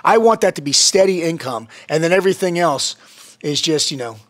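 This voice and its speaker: Male podcast guest, fired-up and foul-mouthed storyteller, slightly high voice. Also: fairly quick. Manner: intense, profane, animated storytelling. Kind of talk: casual chat.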